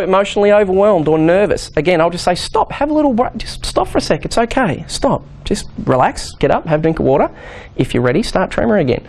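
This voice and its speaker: Casting note: man, workshop leader, quick and slightly high-voiced, animated. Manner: fast, animated, acts out quoted voices. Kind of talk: workshop instruction.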